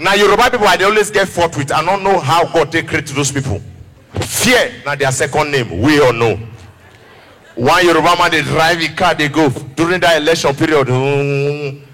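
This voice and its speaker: Sex: man. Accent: Nigerian Pidgin English. Role: stand-up comedian. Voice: high and bright. Behind: faint music. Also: moderate pace, big-room sound. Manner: storytelling, switching into acted characters.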